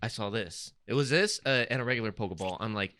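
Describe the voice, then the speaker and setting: Bright easygoing man, dry sound. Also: fairly low pitch, quick pace, dry recording. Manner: easygoing, explaining gifts. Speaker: podcast guest. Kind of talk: casual chat.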